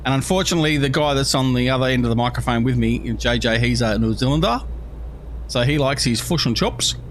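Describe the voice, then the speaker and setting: An Australian man hosts a relaxed livestream at a middling pitch. He rambles from topic to topic, cracks jokes and reads viewers' messages aloud, with a faint hiss underneath. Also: fairly quick. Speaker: livestream host. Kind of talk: casual livestream chat.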